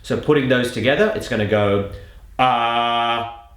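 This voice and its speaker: A man coaching his viewers through a lesson, upbeat and direct, with a voice pitched in the middle range. The room around him adds a roomy echo to every word. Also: animated, brisk. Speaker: accent coach. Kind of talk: video lesson.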